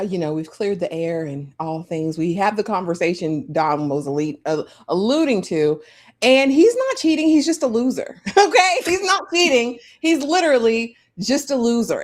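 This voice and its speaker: A woman co-hosting a live episode review, summarizing scenes with a wry, sarcastic edge. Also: medium pitch.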